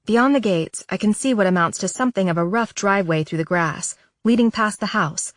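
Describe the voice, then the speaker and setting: Soft-spoken woman audiobook narrator. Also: fairly low pitch, expressive, moderate pace, dry recording, studio quality. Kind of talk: scripted first-person audiobook narration.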